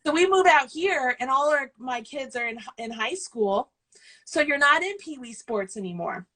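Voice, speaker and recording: A woman's voice: high-pitched, expressive, normal speed, bright, forceful tone, rough recording. A woman in her forties, a coach and business owner, chatting casually and getting tearful as she rambles. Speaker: guest host, yarn business owner and throwing coach. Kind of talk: casual video chat.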